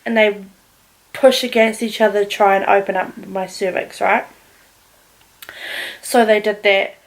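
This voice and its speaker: A woman's voice: mid-range voice, a little slow, rough recording. A woman vlogger, candidly telling a personal story in casual talk, swearing often. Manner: candid, heavy swearing, animated retelling.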